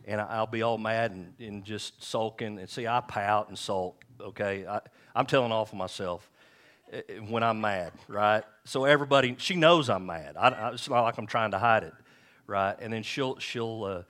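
A middle-aged pastor delivers a sermon in church in a fairly low, slightly bright voice. He speaks candidly with self-deprecating humor and slows down whenever he reads scripture aloud.

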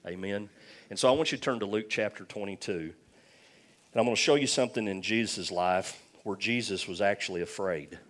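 A man's voice: lowish voice, a little fast, a bit bright. A man preaching a sermon, telling a personal story and calling for amens. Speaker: pastor.

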